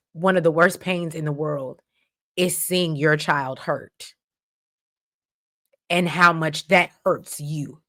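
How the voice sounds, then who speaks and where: A woman's voice: low voice, a bit bright. A woman hosting a casual soap opera recap, talking to viewers as y'all, getting emotional and exclaiming as she retells scenes. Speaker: recap host.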